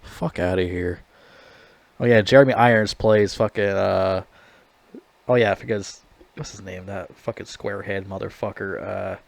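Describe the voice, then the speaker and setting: A man casually reviewing a movie in a rambling, profane way, getting loud and animated when he is outraged. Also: fairly low pitch, dry recording.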